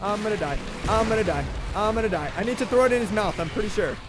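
Young man, very high voice, excitable gameplay commentary, jokey, talking to chat, faint music behind. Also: fast talker. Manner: excitable, jokey, talks to chat, repeats himself when panicking. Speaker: gaming livestreamer.

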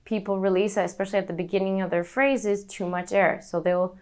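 A woman's voice: mid-range voice, fairly even intonation, fairly quick, a little mellow. A woman teaching singing, demonstrating breathing exercises as she explains them. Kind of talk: vocal lesson demonstration.

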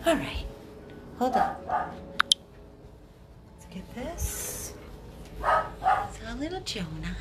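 A woman's voice: medium pitch, sing-song, drawn-out words, pauses often, heavy background noise. A woman, a dog rescuer, filming one-handed on her phone at home at night, cooing to her dogs in sing-song baby talk and chatting casually to viewers. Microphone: handheld phone, filmed one-handed.

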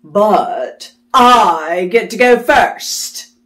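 A woman's voice: medium pitch, big pitch swings, very slow, a bit bright, exaggerated voice. A woman voicing a proud, slightly bossy young female caterpillar in a children's storybook, in a prim, matter-of-fact way.

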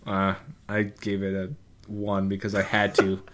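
A man's voice: low voice, monotone, measured pace, fairly bright tone. A man co-hosting a podcast, joking wryly about a movie with a friend. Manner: wry, sarcastic humor. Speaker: podcast co-host. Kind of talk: casual movie review chat.

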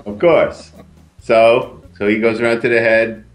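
A man co-hosting a casual podcast, telling a story in a relaxed, halting way with dry humor. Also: mid-range voice, soft background music. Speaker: podcast co-host.

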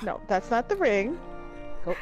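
A young woman reacts to a game with loud, cursing outbursts. Her high voice swings widely and she talks at an unhurried pace. Game music plays loudly behind her. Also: very animated, low-quality recording. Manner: loud, swearing, laughing, exasperated outbursts. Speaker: gamer playing on stream. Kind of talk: casual let's-play reactions.

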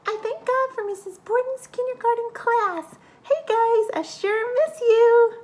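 Cheddar, a woman doing a squeaky little mouse. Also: measured pace, darkish tone. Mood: cheerful. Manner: squeaky and chirpy. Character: small cheerful male mouse puppet.

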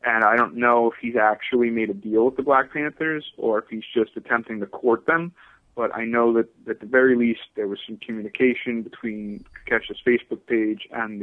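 A man's voice: fairly low pitch, fairly even intonation, brisk, no room sound. Guy rambling w lots of ums on a tinny phone line, dry sound. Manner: rambling, many fillers and restarts. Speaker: guest. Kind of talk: radio interview.

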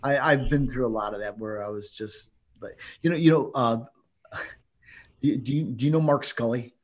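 Man, middle-aged, husky voice, casual rambling storyteller. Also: mid-range voice, normal speed. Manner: rambling storyteller, animated, laughs often. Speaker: martial arts instructor on a discussion panel. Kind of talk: casual chat.

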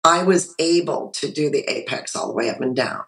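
Woman, middle-aged, guest, video call, animated storytelling, emotional. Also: sits low, brisk, low-quality recording. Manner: animated, emotional, acts out her own quotes. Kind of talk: casual storytelling.

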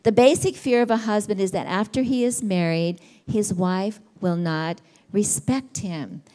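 A woman's voice: mid-range voice, unhurried. A middle-aged woman, teaching a church women's session in a conversational way and asking her listeners questions. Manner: warm, conversational, asks the audience questions.

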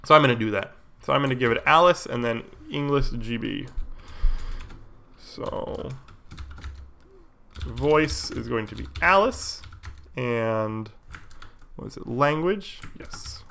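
A man with a cold talks through code on a live stream at a mid-range pitch. He explains step by step in a relaxed, easygoing way, with plenty of fillers along the way. Keyboard clicks sound behind him. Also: takes it slowly, vocal fry, long pauses. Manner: relaxed, explains while typing, many fillers. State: has a cold, coughing. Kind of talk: casual live coding tutorial.

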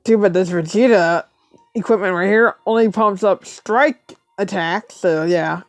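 A woman's voice: medium pitch, a little slow, no echo, soft background music. Woman, casual gameplay commentary, muttering to herself, laughs often, dry close sound. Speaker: mobile game player.

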